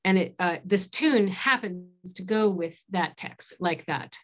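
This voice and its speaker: A woman's voice: on the low side, takes it slowly. Thoughtful woman priest, hesitant. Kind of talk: conversational explanation.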